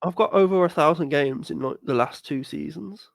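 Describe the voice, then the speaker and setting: A young man co-hosting a gaming podcast in casual chat, teasing and blunt, swinging between low mutters and loud outbursts. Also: moderate pace, vocal fry, dry recording. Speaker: podcast co-host.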